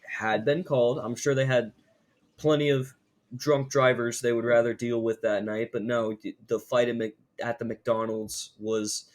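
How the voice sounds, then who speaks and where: A young man vlogging, telling a story in a rambling, casual way with lots of filler words. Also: medium pitch. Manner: rambling, animated, lots of "like" fillers, acts out quotes.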